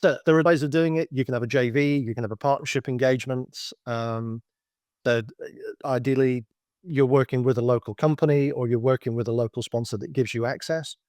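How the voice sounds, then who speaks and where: A middle-aged man walks through a business presentation like a consultant, explaining patiently and slipping into anecdotes, often restarting his phrases. His voice sits at an ordinary male pitch. The sound is dry and close, with no room around it. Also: steady tone, a little fast, darkish tone, no echo. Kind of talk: slide-based business presentation.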